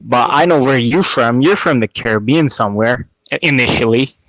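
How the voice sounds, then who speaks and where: A Canadian man with a slightly nasal accent calls in for a casual, playful chat, teasing his way through a drawn-out guessing game. His voice is mid-range and a bit bright, with no echo but a rough recording quality.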